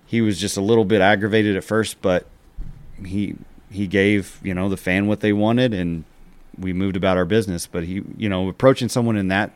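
A man's voice: low-pitched, steady tone, fairly quick, clean tone. A man co-hosting a podcast, telling a long story in casual chat, with many fillers. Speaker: podcast co-host.

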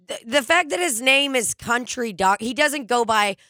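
Bright, giggly podcast co-host. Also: medium pitch, lively intonation, moderate pace, no echo, clean studio sound. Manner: laughing along, riffing. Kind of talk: casual comedic chat.

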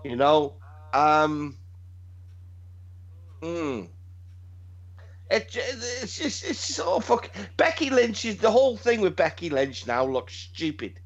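A man's voice: on the high side, big pitch swings, takes it slowly, long pauses, highs cut off. A man casually chatting as podcast host, swearing and restarting his sentences. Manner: profane, rambling, hesitant restarts. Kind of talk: casual chat.

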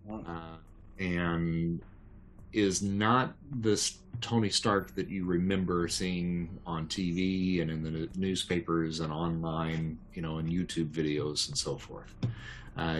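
A man acting as game master, narrating a tabletop game slowly, with many pauses and fillers. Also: low-pitched, slight background noise. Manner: slow, halting, filler-heavy.

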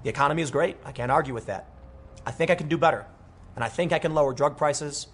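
Husky-voiced man ranting about politics. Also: a little high, quick pace. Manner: animated, rambling, many restarts. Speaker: political commentator. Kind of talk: unscripted commentary monologue.

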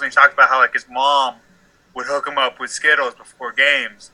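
A man chatting casually on a podcast with friends, retelling a TV scene in an animated way and laughing often. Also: mid-range voice, brisk, low-quality recording. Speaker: podcast co-host. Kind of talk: casual chat.

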